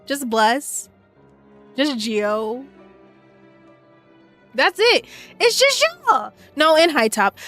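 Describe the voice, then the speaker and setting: A woman's voice: fairly high pitch, a bit bright. Profane, laughing woman streamer. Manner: loose, slangy and profane, laughing often. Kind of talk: casual gaming stream chat.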